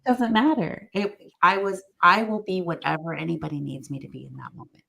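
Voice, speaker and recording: A middle-aged woman with a low, gravelly voice tells a story to a podcast host. She acts out the voices of the people she quotes with lively animation. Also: fairly quick. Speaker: guest. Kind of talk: storytelling in conversation.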